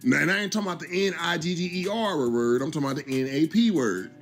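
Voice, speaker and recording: A man's voice: fairly high pitch, fast, soft background music. A man hosting a casual reaction commentary video, talking loosely and peppering lines with 'bro' and 'you understand me.'. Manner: conversational, repeats 'bro' and 'you understand me'. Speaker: YouTube commentary host.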